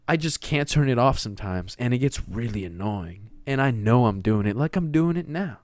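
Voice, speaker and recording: A man's voice: medium pitch, expressive, moderate pace, few pauses, darkish tone, no room sound. Young Texan man rambling casually, dry sound. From Texas. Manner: rambling, slangy, keeps saying dude and man; slips into a put-on showy voice. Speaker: podcast host. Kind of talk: solo casual monologue. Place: his own room.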